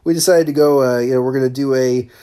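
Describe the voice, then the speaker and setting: Brief: man doing a jittery, flustered podcast host, high and hurried, rushing through an excuse. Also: fairly even intonation, dark tone, close to an everyday voice. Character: flustered podcast host dodging bad news. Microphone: phone voice memo.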